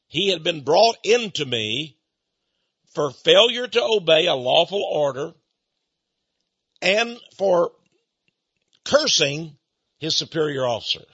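A man preaching a sermon, emphatic and deliberate with drawn-out stresses, on a dull lo-fi recording. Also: fairly high pitch, fairly bright tone, slightly rough, no echo. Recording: dull lo-fi sound.

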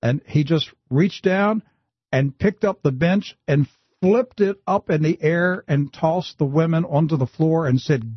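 Husky animated male talk show host. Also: a little slow, no room sound, dull audio. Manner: animated storyteller, voice rising high for emphasis. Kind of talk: Christian talk show conversation and storytelling.

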